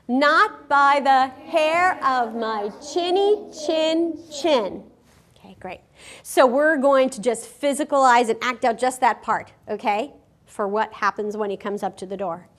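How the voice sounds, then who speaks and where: A woman reading a picture book aloud to children at a school, expressive and animated. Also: a little high. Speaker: storyteller.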